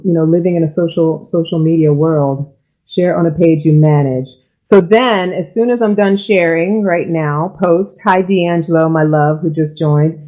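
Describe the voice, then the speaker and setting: A woman's voice: on the low side, lo-fi sound. A woman hosting a live-streamed talk show about love and relationships, chatty and laughing often. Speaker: host.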